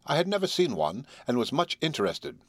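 A man narrating a classic novel as an audiobook in a measured, even storytelling voice. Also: mid-range voice, no room sound, clean studio sound. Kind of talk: scripted narration.

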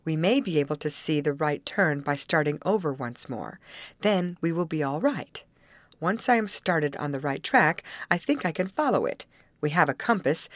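A woman reading aloud voices a steady teenage girl who leads calmly and reasons things out. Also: sits low, dry recording. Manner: calm, reasoning.

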